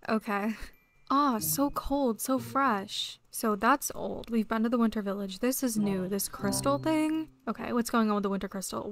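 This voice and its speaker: Excitable young woman chatting over gameplay. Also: on the high side. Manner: excitable, chatty, quick to frustration. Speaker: game streamer. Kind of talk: casual gameplay commentary.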